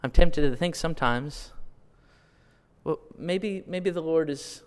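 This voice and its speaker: A man from California preaching a sermon, asking the congregation questions and swinging between quiet asides and loud, drawn-out appeals. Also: on the high side, smooth. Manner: asks the congregation direct questions. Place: church sanctuary. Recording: long hall reverb.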